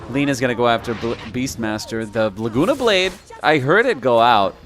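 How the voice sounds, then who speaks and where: Over background music, a male esports caster with a medium-pitched voice and lively intonation gives live play-by-play of a video game match at a moderate pace, joking casually between the calls.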